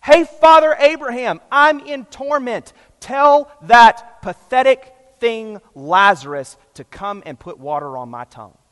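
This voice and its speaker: A man's voice: extremely high pitch, normal speed, fairly bright tone, long reverb tail, voice pushed up. A man voicing an arrogant, commanding rich man in torment, barking orders. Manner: commanding, demanding.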